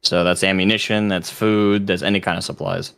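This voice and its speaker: A man's voice: sits low, level tone, a little fast, vocal fry, fairly bright tone, clear, resonant tone. A man chatting casually in a group discussion, explaining things plainly with a few fillers.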